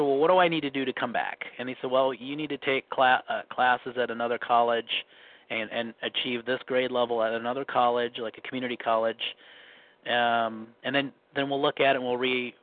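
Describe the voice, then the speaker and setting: A man's voice: mid-range voice, little pitch movement, brisk. A man with a faint Minnesotan accent, casually telling his life story in a rambling, self-correcting way. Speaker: guest recalling his life. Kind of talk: casual conversation. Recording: phone-like narrow band.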